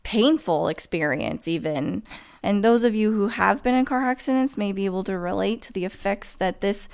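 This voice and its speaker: A woman's voice: mid-range voice, vocal fry, a little mellow, clear, resonant tone. Emotional woman retelling a hard experience. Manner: emotional, halting, many restarts and fillers. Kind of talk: personal storytelling to camera.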